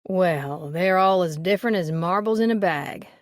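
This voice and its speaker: A woman voicing a portly, pompous older man, a leering collector who talks in a loud, brassy drawl. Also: fairly low pitch, moderate pace, dry recording, studio quality, lightly acted. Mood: brash, leering. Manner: boastful, overfamiliar. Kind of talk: audiobook character reading.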